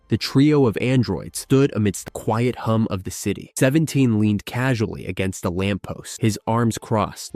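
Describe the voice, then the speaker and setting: A man's voice: lowish voice, a little mellow, dry recording. A man narrating a fan-made action story in a dramatic storytelling manner. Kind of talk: scripted narration.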